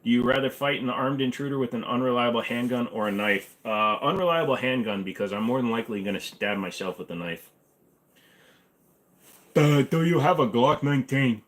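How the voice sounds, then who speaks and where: A man's voice: medium pitch, quick pace, few pauses, fairly bright tone. Rambling, joking man in his forties. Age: 40s. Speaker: livestream host. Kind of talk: casual livestream Q&A. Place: apartment bedroom-living room.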